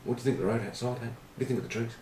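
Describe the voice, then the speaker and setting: An eager, nagging pub fan peppers everyone with question after question, as a man puts him on. The voice sits a little higher than his usual low tone and comes from a distant mic in an echoey room. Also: racing, dark tone, close to an everyday voice. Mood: pestering. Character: eager chatty male local pub fan, pestering.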